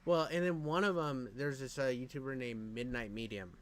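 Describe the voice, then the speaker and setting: A man's voice: medium pitch, steady tone, moderate pace, a bit bright, slight background noise. A man from Nevada in casual conversation, rambling and swearing, with "dude" and "bro" in almost every sentence. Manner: rambling, profane, says "dude" and "bro" a lot. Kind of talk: casual chat.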